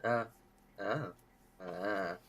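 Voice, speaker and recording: A man's voice: on the low side, drawn-out words, a bit bright, slight background noise. A man casually playing a tabletop role-playing game, wry and self-deprecating. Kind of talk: casual tabletop play over voice chat.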